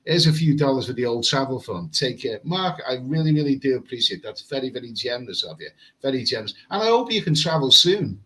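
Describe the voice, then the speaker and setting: A man's voice: medium pitch, lively intonation, fast talker, hardly any pauses, bright, forceful tone, poor audio. A man chatting casually on a live stream from a hotel room, rambling and repeating words as he reads comments. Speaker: travel vlogger. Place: hotel room with air conditioning.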